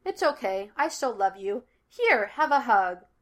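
A woman's voice: fairly high pitch, very animated, unhurried. A woman voicing a playful young male detective who talks in a teasing, breezy way, in a read-aloud story.

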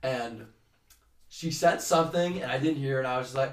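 A man's voice: medium pitch, brisk. Young male co-host, loose and swearing, with echoey room sound and the mic set back. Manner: rambling, animated, swears freely. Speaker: podcast co-host. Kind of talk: casual storytelling chat. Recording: roomy, distant from the mic.

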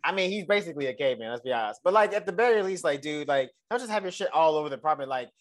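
A man co-hosting a casual TV recap chat, loose and profane, telling the story in an animated way. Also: a little high, racing. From United States. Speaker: podcast co-host.

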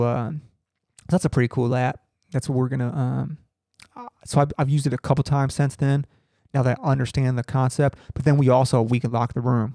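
A man's voice: mid-range voice, gravelly, dark tone, no echo, clean studio sound. A young man telling a long, rambling, profane story in a casual monologue, full of fillers and restarts.

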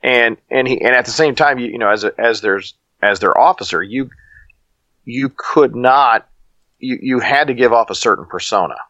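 A man hosting a casual movie review podcast, talking in a reflective, halting way as he searches for words and hands the floor to the panel. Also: medium pitch, bright, forceful tone, dry recording. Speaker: podcast host leading the panel.

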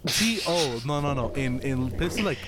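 A man's voice: medium pitch, measured pace, a loud crowd. A young man from Rico, hosting a casual chat with friends, joking and swearing freely. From Puerto Rico. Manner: animated, joking, swears freely, switches to Spanish. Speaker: host.

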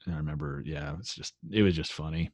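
A man's voice: extremely low pitch, fast, a little mellow, no echo, studio quality. A man, a touring musician, telling a long rambling story in casual chat, laid-back and full of fillers and swearing. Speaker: musician guest.

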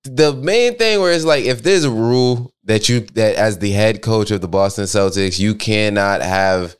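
A young man co-hosting a podcast in casual chat, rambling and animated, jumping up high when he reacts. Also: moderate pace, smooth. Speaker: podcast co-host.

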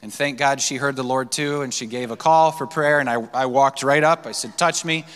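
A male pastor preaches a sermon to his congregation in a church sanctuary, telling stories in a relaxed way with frequent fillers and restarts. His middle-pitched voice is brisk and smooth, trailed by long church-hall reverb after each phrase.

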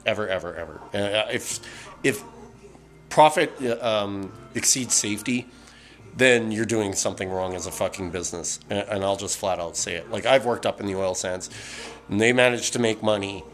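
A middle-aged Canadian podcast host, a bit tipsy from beer, rants casually with lots of swearing, fillers and restarts. His voice is on the low side, steady and fairly bright, at normal speed.

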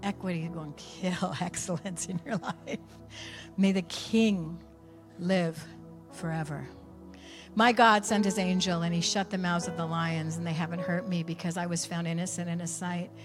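A woman preaching a sermon, telling a story with animated swings from quiet asides to near shouts. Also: fairly low pitch, a little fast, few pauses, soft background music.

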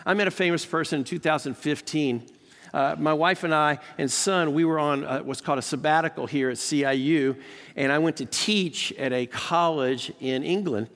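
Casting note: American male preacher, slightly higher voice, animated storytelling, long hall reverb. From United States. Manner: animated storyteller, jumps up in pitch when excited. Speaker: professor preaching at a college chapel. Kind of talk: sermon with personal story.

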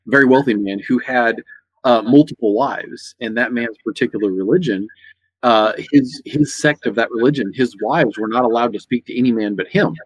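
A man's voice: medium pitch, moderate pace, breathy edge, no echo, poor audio. A man telling a funny story in a casual chat. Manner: storytelling with laughter.

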